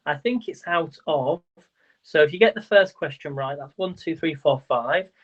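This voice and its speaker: This male quiz host on a livestream talks at a normal speed in a slightly high voice. He's chatty, stumbles over words and counts out loud, all captured in muffled, lo-fi stream audio.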